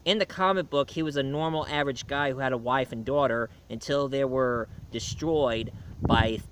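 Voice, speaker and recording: A man's voice: mid-range voice, fairly bright tone, a little hiss or hum. A man giving a casual film and comic review, rambling along with many fillers and restarts.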